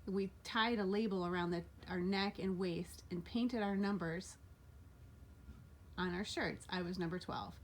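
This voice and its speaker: A woman telling a personal story in the first person, animated and slowing down for key details. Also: fairly low pitch, slight background noise. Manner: animated, voice jumps up for quoted lines.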